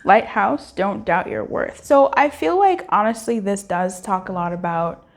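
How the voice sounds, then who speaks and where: A woman's voice: medium pitch, lively intonation, a little slow. A young woman giving a casual tarot reading, candid and chatty, swearing and laughing as she talks straight to her viewers. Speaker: tarot reader.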